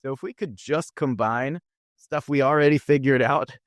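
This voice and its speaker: A man's voice: medium pitch, normal speed, no room sound, clean studio sound. A man speaking as a podcast guest, explaining ideas in an earnest, conversational way. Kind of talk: conversational interview.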